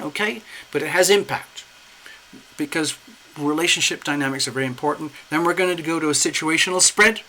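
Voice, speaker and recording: A man's voice: sits high, bright, forceful tone. A man giving a live-streamed tarot reading in a chatty, rambling way, often checking in with "okay?" and greeting viewers. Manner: lots of "okay?" and "you know". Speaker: tarot reader.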